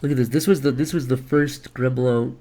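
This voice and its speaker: Animated, swearing male streamer. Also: medium pitch, brisk. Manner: animated, profane, laughs a lot. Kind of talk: casual livestream chat.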